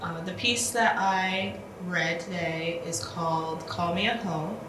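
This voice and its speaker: A woman's voice: fairly low pitch, slow. A woman poet talking casually and hesitantly about her poem, with many ums and likes. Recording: distant, echoey with background noise.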